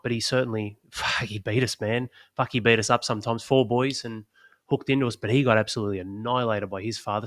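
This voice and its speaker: A man's voice: mid-range voice, fairly bright tone, no room sound, clean studio sound. A man co-hosting a podcast, speaking earnestly and reflectively in casual chat. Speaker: podcast co-host.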